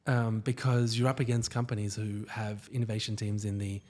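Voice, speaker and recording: A man, a company founder, telling stories as a guest in a casual podcast interview, with enthusiasm and quick asides. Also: on the low side, little pitch movement, darkish tone.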